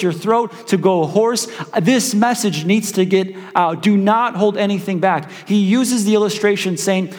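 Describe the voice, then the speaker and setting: High-voiced preacher man in a reverberant hall. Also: moderate pace, hardly any pauses. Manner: conversational preaching with frequent repeated words. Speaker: pastor. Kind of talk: sermon.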